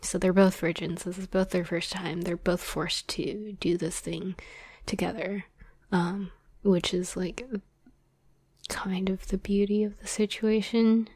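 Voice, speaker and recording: Young woman, whispered role-play talk, breathy and dry, slow and flat, rambling with fillers. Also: on the low side, dry recording. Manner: soft rambling whisper with many fillers and light laughs. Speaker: audio drama script writer.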